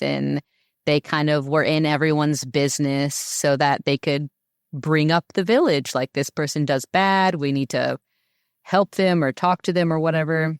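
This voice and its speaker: Slow, low-voiced woman with vocal fry. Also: no room sound, studio quality. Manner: rambling, filler-heavy talk. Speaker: podcast guest, mother and herbal maker. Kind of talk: casual advice chat.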